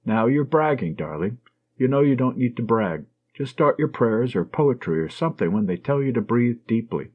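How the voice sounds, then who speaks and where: A teasing, fond young nurse, voiced by a male audiobook reader, her husky tone lifting and dipping in lively swings. The recording sounds dull and lo-fi. She speaks warmly and playfully. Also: mid-range voice, moderate pace, lightly acted. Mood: tender. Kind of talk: audiobook reading.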